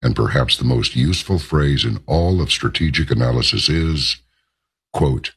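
Super low raspy guy on talk radio, rambling opinion monologue, lots of asides. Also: expressive, a little slow. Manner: emphatic, rambling with asides and rhetorical questions. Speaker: radio talk show host.

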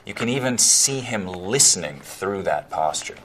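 A man commenting as an accent coach on film performances, analytical and expressive. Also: sits low, normal speed, faint music behind.

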